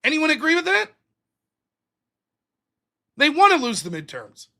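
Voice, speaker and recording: A man's voice: extremely high pitch, huge pitch swings, measured pace, pushed and bright. A man hosting a political show, ranting with heated sarcasm and plenty of profanity to a live chat. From United States. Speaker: political talk show host. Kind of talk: livestream political rant.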